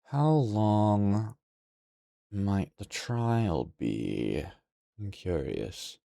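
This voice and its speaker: A young man streaming a game, chatting casually, sleepy and yawning yet playful and quick to exclaim. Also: on the low side, gravelly, dry recording, clean studio sound. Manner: playful, animated, exclaims and laughs often. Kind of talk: casual live-stream chat while playing a game.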